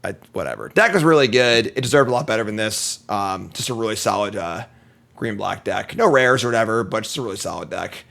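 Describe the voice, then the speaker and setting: A man's voice: lowish voice, expressive, brisk, vocal fry, a bit bright, a little hiss or hum. A man streaming a card game, giving casual commentary and berating himself for his mistakes after a long, tiring session. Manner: self-deprecating, exasperated outbursts.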